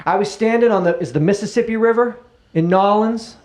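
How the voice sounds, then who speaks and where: A man's voice: high voice, brisk. A man co-hosting a comedy podcast in casual chat, swearing freely and riffing on stories. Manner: profane, animated, jumps into shouted put-on characters. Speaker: podcast co-host.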